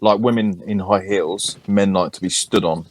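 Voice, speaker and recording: A man's voice: sits low, fairly even intonation, normal speed. A man, co-hosting a podcast in a casual, crude, joking chat. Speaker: podcast co-host.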